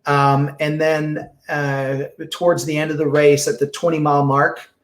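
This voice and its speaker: A middle-aged man guesting on a podcast, telling a story in a very expressive, animated way. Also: on the high side, a little slow. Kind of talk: casual storytelling interview.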